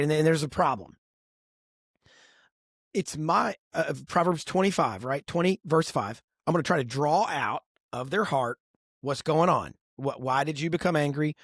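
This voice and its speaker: Animated, husky middle-aged man. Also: on the high side, no echo, clean studio sound. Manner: animated storyteller, lively and expressive. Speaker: podcast co-host. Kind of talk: casual podcast conversation.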